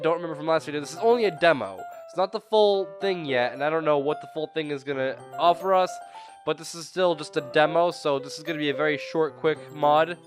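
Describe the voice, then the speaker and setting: A young man reading a visual novel game aloud and chatting between lines, his throat sore and coughing. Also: a little high. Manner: chatty, rambling asides. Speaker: gaming video creator.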